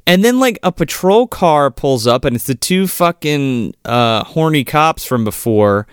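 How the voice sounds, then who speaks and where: A man co-hosting a podcast, recapping a movie in profane, animated casual chat and acting out the characters' lines. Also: on the high side, measured pace, clean tone, no echo, clean studio sound. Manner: profane, animated retelling with acted quotes. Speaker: podcast co-host.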